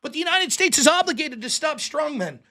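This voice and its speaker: A man's voice: very high-pitched, lively intonation, fairly quick, sharp tone. A man hosting his own political commentary show, delivering a sarcastic, profane, combative solo rant and mocking his opponents.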